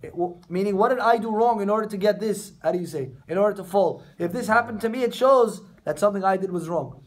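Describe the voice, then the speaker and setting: A man's voice: high-pitched, quick pace. A man, a rabbi, giving an informal class to a small group of students, talking conversationally and turning to them directly. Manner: conversational, addresses students directly, acts out quotes. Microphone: camera recording the class.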